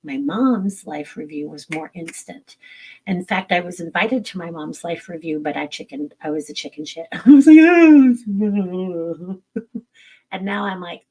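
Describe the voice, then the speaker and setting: A middle-aged woman, a medium, chats through viewer questions in a frank, unpolished way, cursing casually and poking fun at herself. Her voice sits a little low, with a gravelly edge and a husky texture. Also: darkish tone, rough recording. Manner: candid, blunt, swears casually, laughs at herself. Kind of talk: casual live-stream Q&A.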